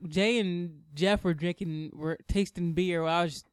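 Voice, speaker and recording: A woman's voice: fairly low pitch, fairly even intonation, normal speed, clean tone, no echo, studio quality. A woman co-hosting a live-streamed show, chatting in a playful, talkative way. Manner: chatty and playful, laughs along. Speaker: show co-host.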